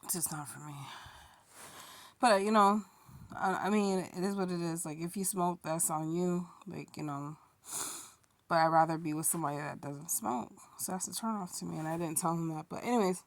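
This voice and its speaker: A woman's voice: on the low side, moderate pace, no echo. A woman vlogger telling a casual story, rambling with many fillers and restarts and yawning now and then. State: yawning, a little sleepy.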